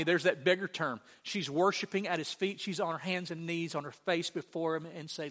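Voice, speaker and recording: Man, sermon, animated, quotes acted out, long hall reverb. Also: on the high side, moderate pace, few pauses. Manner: animated, acts out quotes, talks to the congregation. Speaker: preacher.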